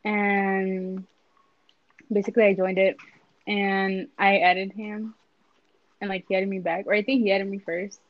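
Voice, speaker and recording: A woman's voice: medium pitch, little pitch movement, a little slow, pauses often, dry recording. A young woman telling a rambling story in casual chat with friends, slangy and easily distracted. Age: young adult. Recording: muffled lo-fi audio.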